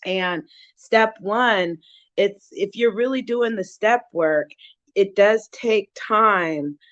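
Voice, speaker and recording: A woman's voice: mid-range voice, takes it slowly, fairly bright tone, dry recording, lo-fi sound. A woman hosting her recovery channel in a casual livestream chat, earnest and heartfelt, often restarting her sentences.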